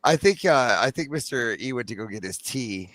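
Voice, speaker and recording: A man's voice: mid-range voice, animated, normal speed, fairly bright tone. A man co-hosting a casual live stream, laid-back and hesitant, chuckling between remarks.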